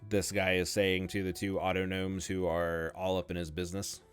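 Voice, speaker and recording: A man running a tabletop game as game master, narrating the scene in a relaxed, playful way. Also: sits low, normal speed, clear, resonant tone, soft background music.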